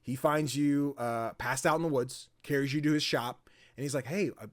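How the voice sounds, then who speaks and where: Animated, casually swearing male podcast host. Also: medium pitch, normal speed, no echo. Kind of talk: casual chat.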